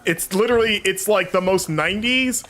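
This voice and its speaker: A man's voice: high-pitched, normal speed, fairly bright tone. A young man co-hosting a game stream, chatting casually and laughing often. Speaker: co-host.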